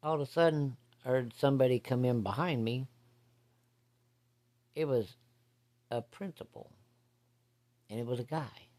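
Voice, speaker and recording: A man's voice: mid-range voice, a little slow, long pauses, darkish tone. A man casually telling a story from his own life in a blunt, folksy, profane way. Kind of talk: casual first-person storytelling.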